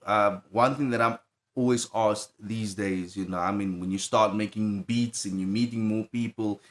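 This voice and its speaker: A male producer speaking in an earnest, reflective way. His voice sits low, and he pauses and restarts as he gathers his thoughts. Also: fairly even intonation, fairly bright tone. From South Africa. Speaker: producer and artist guest. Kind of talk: casual interview.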